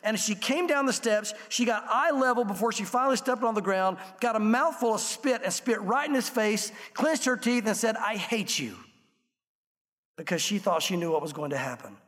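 A man preaching a sermon, telling an illustration story earnestly and slowing down for the emotional parts. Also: high-pitched, lively intonation. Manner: earnest storytelling, slows and softens for emotional quotes. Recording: long reverb of a large room.

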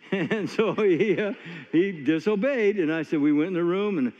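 A man's voice: sits high, a little slow, darkish tone. A man preaching a sermon in a folksy, conversational way, telling stories with many asides. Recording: long hall reverb, dull lo-fi sound.

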